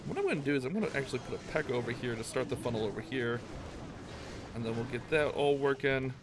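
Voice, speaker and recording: A man giving rambling, self-mocking commentary on his own gameplay for a video, with excited outbursts. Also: medium pitch, fast, noisy background. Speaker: gaming YouTuber.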